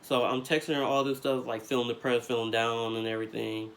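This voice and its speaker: Gravelly young man telling a story. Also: mid-range voice, a little fast. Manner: casual storytelling with slang and fillers, animated retellings. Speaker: vlogger. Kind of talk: storytime vlog.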